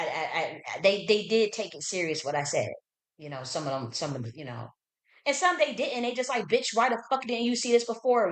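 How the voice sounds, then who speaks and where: A woman's voice: lowish voice, a bit bright, echoey room. A woman hosting a livestream, speaking bluntly and heatedly with lots of profanity and repeated words. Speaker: livestream host. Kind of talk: profane political commentary livestream.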